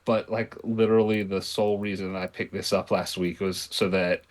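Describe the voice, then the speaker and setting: A man's voice: deep voice, level tone, a little fast. A middle-aged man co-hosting a casual chat show, rambling with many restarts. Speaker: podcast co-host.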